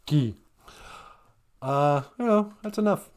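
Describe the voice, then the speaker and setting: A man's voice: a little high, animated, takes it slowly, a little mellow. A man hosting a live stream, chatting casually in a joking, rambling way and reading out viewer comments. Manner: joking, rambling, reads chat comments aloud.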